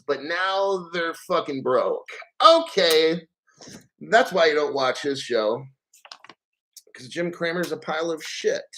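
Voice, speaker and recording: A man's voice: a little high, a bit bright, rough recording. Drawling, gleeful man ranting on his channel. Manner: gleeful, mocking, profane. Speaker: crypto channel host. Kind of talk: ranting vlog commentary.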